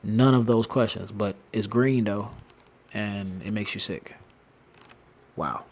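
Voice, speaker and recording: A man talking casually and in a rambling way, animated and slangy, laughing often and restarting his sentences. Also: lowish voice, slow pace, slight background noise. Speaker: commentator. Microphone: phone screen-recorder app.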